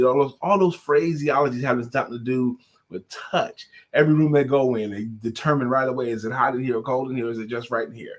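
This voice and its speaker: A man's voice: medium pitch, fairly even intonation, brisk. A man co-hosting a talk show, explaining communication styles in a coaching manner and prompting his partner. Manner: coaching tone, explains and prompts, calls people baby. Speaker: co-host, coach. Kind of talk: casual conversational talk.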